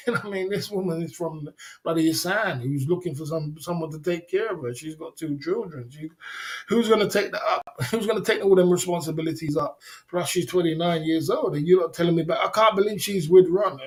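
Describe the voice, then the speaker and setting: A man's voice: on the high side, brisk. A man hosting a casual livestream chat, laughing often and talking in drawling, slang-heavy asides. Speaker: livestream host.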